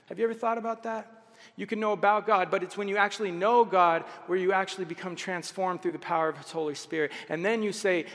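Man preaching, passionate sermon, loud then hushed, fairly high voice, long hall reverb. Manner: passionate, swings from loud exhortation to hushed quotes. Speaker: pastor.

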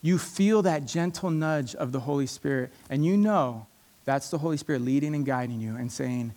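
A man's voice: mid-range voice, normal speed, darkish tone. A man preaching a sermon with passion, driving points home by repeating key phrases.

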